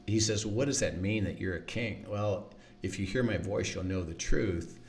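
Low-voiced man teaching scripture earnestly. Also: normal speed, far from the mic, slight background noise. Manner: earnest, acts out quoted dialogue, repeats words. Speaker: Bible teacher. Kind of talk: conversational Bible teaching.

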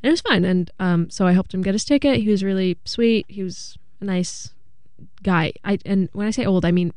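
A young woman co-hosting a podcast, telling a story in a lively way and acting out the voices of the people in it. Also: mid-range voice, brisk, no echo. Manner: animated storytelling, acting out quotes. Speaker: podcast co-host. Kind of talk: casual chat.

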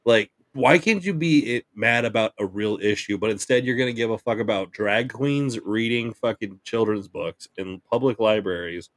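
A man's voice: on the low side, normal speed, few pauses, no room sound. A man co-hosting a podcast who rants with heat and swears freely, then laughs and jokes along. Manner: fired-up ranting, then joking and laughing. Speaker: podcast co-host. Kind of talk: casual profane chat.

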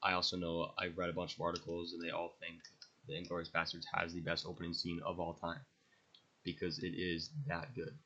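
A man's voice: sits low, completely flat delivery, fairly quick, pushed and bright, dull audio. A young man hosting a podcast, rambling enthusiastically through his favorite movies and swearing freely. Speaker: podcast host. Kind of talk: casual movie ranking monologue.

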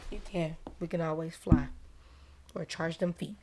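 A woman's voice: deep voice, steady tone, unhurried, darkish tone, husky. A young woman from Chicago co-hosting a casual podcast chat, blunt and profane with lots of laughing banter. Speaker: podcast co-host.

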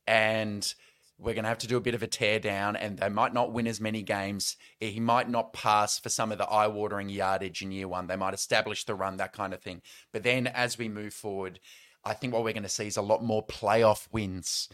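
Bright-voiced Australian man, podcast host. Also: on the low side, steady tone, moderate pace. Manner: confident, joking. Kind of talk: casual podcast chat.

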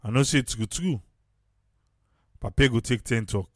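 A man with a Sierra Leonean Krio accent giving casual political commentary, animated and repeating phrases for emphasis. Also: mid-range voice, normal speed, no room sound, studio quality.

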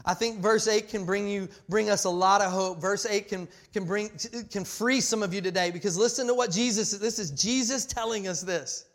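A man in his forties preaching a sermon, passionate and full of restarts, swinging between loud emphasis and quiet asides. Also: sits high, moderate pace, hardly any pauses. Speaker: pastor.

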